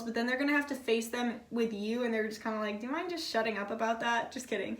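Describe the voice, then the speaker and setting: A woman's voice: a little high, fast talker, hardly any pauses, a bit bright. A woman giving a casual pick-a-card tarot reading, chatty and blunt, swearing freely and filling her talk with "like.". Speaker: tarot reader. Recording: echoey room, voice a bit far from the mic.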